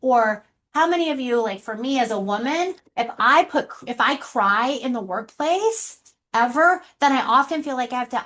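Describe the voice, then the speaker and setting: Woman webinar presenter, slightly high voice, animated, keeps asking the audience questions. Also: moderate pace. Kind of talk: leadership webinar talk.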